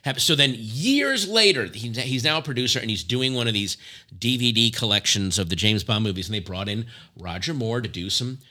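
A man co-hosting a podcast in casual chat, an animated, joking storyteller. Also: medium pitch, brisk. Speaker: podcast co-host.

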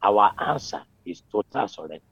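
A man's voice: fairly low pitch, expressive, normal speed, a bit bright, breathy edge, no room sound. A man in a reading group giving an earnest devotional reflection. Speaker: group member. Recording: dull lo-fi line.

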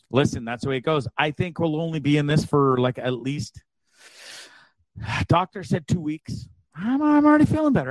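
A man's voice: medium pitch, no echo. A man from Canada hosting a casual show, crude, joking and self-deprecating. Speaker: show host. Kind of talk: casual livestream chat.

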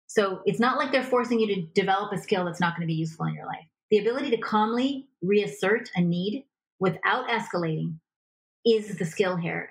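A woman relationship coach talking in a conversation, animated and acting out little example dialogues. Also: medium pitch, low-quality recording.

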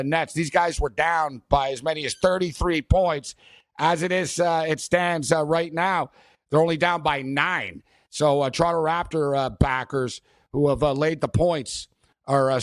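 A man's voice: a little high, no room sound, studio quality. A man hosting a sports betting talk show, rambling casually with many fillers.

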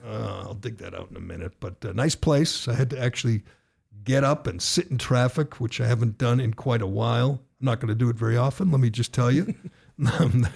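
A middle-aged American man hosting a political talk radio show, sarcastic and given to loud rhetorical questions, speaking in a studio. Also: medium pitch, a little fast, creaky, breathy edge.

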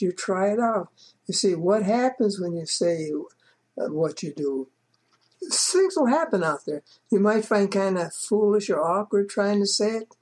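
A woman's voice: mid-range voice, darkish tone. A woman giving informal coaching on sales and networking, talking conversationally, repeating her points with frequent fillers.

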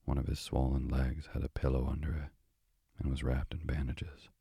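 Very deep, gravelly male narrator. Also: level tone, warm tone, no echo, clean studio sound. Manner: slow, measured storytelling. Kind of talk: audiobook narration.

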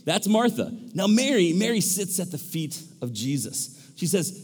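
Male pastor, fairly high voice, lively delivery that acts out characters, big church reverb. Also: moderate pace, breathy edge. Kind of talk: sermon. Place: large church hall. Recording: echoey church hall.

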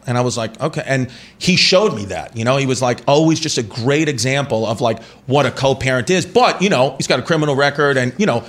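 A man's voice: medium pitch, expressive, fairly quick, hardly any pauses, fairly bright tone. A man in his forties, a comedian guest telling a story on a talk show in a rambling, self-interrupting way, slipping into voices for the people in it. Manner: rambling, self-interrupting, breaks into laughter and impressions.

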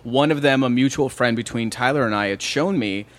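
Animated man telling a story. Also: medium pitch, fairly quick. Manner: animated, acts out quotes. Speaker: guest. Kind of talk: casual storytelling.

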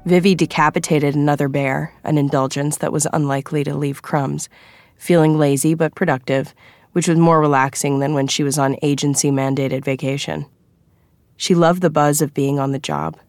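A woman narrating an audiobook in an even, measured storytelling manner. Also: low voice, dry recording.

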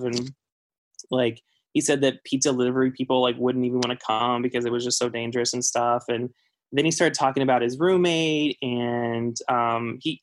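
A man calling in to a podcast to tell a personal story in a casual, rambling way, filling his talk with "like" and acting out what people said. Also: mid-range voice. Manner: rambling, heavy use of "like", acts out quoted dialogue. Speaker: listener caller.

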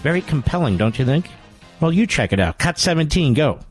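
A man's voice: a little high, sing-song, fairly quick, soft background music. A man hosting a talk radio show, with sarcastic, mocking commentary.

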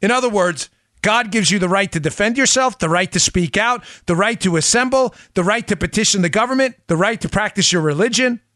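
Male podcast host, emphatic political commentary, bright tense voice, dry close sound. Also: extremely high pitch, no room sound. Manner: animated, emphatic, laughs often.

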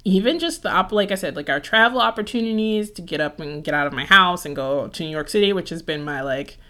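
A woman's voice: fairly low pitch, fast talker, sharp tone. Chatty young woman podcast co-host. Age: 20s. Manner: chatty, laughs often, many fillers. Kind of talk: casual chat.

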